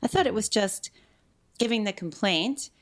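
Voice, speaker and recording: Woman guest, candid interview, lively and expressive, mid-range voice, quick restarts, acts out quotes. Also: medium pitch. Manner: animated, fast restarts, acts out quoted speech. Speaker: podcast guest.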